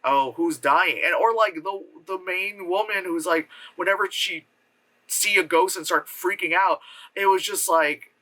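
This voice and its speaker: A man reviewing a movie in a casual rant, animated and profane, often slipping into mocking impressions. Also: high voice, normal speed.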